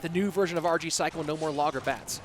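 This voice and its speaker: A man's voice: fairly high pitch, fast talker. A man casting a competitive game on his live stream, chatty and jokey, answering his chat between plays. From United States. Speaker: esports caster and streamer.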